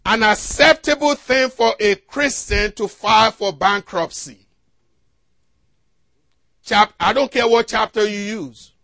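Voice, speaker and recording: A man preaching a sermon to a congregation, asking them to fill in the words and swinging between loud exhortation and quiet asides. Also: high voice, creaky, dry recording. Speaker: pastor.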